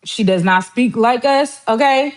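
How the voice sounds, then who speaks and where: A woman's voice: a little high, unhurried. A woman hosting a casual livestream, chatting and telling family stories with frequent laughter. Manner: chatty storytelling, laughs often, mimics relatives. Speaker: livestream host. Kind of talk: casual livestream chat while cooking.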